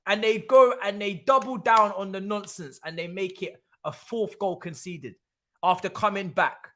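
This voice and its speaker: A young man hosting a live football watch-along, talking excitably, repeating himself and swearing freely. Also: sits high, normal speed. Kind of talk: live stream reaction commentary.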